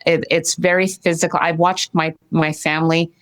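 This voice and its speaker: A middle-aged woman speaking as an interview guest, earnest and gentle, often repeating her phrases. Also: low voice, level tone, normal speed, few pauses, clean tone. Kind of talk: heartfelt interview talk.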